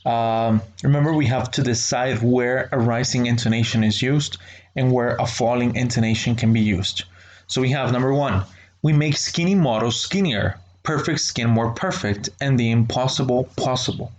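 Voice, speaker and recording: A man's voice: mid-range voice, steady tone, reverberant. A man teaching a lesson, explaining patiently and checking in with the class as he goes. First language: Spanish. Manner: explains slowly, checks in with "okay?" and "right?". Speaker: English teacher.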